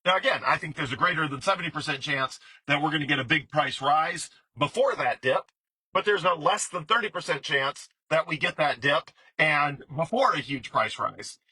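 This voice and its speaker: A man's voice: fairly high pitch, normal speed, pushed and bright, breathy edge, no echo, low-quality recording. A man giving a casual, explanatory monologue about investing, talking conversationally with frequent fillers, restarts and repetition. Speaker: bitcoin commentator.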